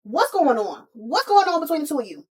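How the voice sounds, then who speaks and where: A woman's voice: very high voice, big pitch swings, brisk, fairly bright tone, voice pushed up, full character voice. A woman voicing an earnest, hot-tempered young witch who fires off urgent questions. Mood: demanding.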